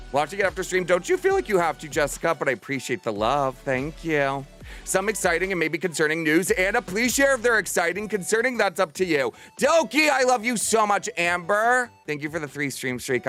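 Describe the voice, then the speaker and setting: Young man, livestreamer, slightly high voice, bubbly and affectionate, soft music behind. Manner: bubbly, affectionate, talks fast to chat. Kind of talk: casual stream chat. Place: home room.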